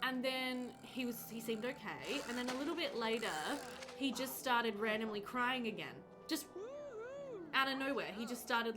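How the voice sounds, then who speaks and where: A woman streaming a game live, chatting with her viewers, reading their comments aloud and reacting with bright exclamations. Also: a little high, animated, normal speed. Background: game music.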